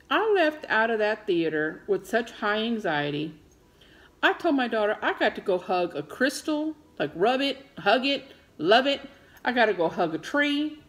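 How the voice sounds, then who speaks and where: A woman's voice: on the high side, normal speed. A middle-aged woman, chatting casually and dramatically to her vlog viewers from home. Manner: animated, dramatic storytelling. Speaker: vlogger.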